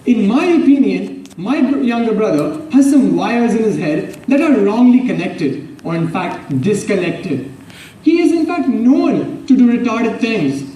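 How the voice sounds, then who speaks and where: A young man delivering a prepared humorous contest speech with animated, punchline-driven timing, recorded from far off in a large echoey hall. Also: high-pitched, a little slow. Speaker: contest speaker. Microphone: far from the mic.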